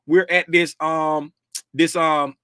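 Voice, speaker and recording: A man's voice: a little high, little pitch movement, takes it slowly, pushed and bright, smooth, no room sound, studio quality. A middle-aged man hosting a casual livestream about futures markets. He is chatty and slangy, greets viewers by name and laughs often. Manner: easygoing slangy talk.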